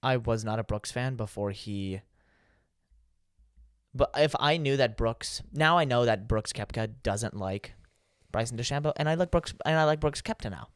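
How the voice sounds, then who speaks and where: A young man co-hosting a podcast in casual chat, excitable, swearing freely and cutting in. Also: medium pitch, normal speed, smooth, dry recording, studio quality. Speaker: podcast co-host.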